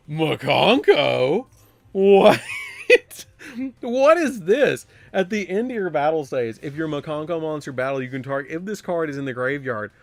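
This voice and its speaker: A man's voice: fairly high pitch, dry recording. A man casually chatting while streaming a card game live, rambling and breaking into surprised exclamations.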